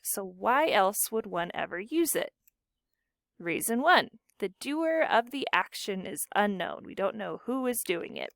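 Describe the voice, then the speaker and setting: A woman's voice: medium pitch, no room sound, clean studio sound. A woman teacher walking her students through a grammar lesson, asking questions and answering them herself. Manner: clear explanatory teacher talk with questions to students.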